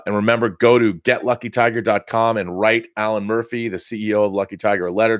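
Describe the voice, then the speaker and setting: A middle-aged man hosting a casual live-stream chat, reading out viewer messages and riffing on them in an animated way. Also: lowish voice, no echo, clean studio sound. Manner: reads viewer messages aloud and riffs on them. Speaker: host.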